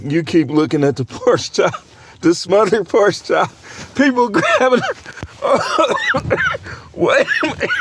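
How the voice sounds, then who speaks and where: A man with a cold who coughs now and then, preaching a casual, joking sermon with lots of laughter and slangy banter. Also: a little high.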